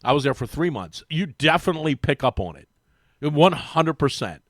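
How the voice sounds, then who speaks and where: A man chatting casually as a guest in a radio studio, telling animated stories with frequent restarts. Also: fairly high pitch, moderate pace, no room sound. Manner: animated storyteller, mimics voices, lots of restarts. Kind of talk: casual sports radio chat. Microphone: studio microphone.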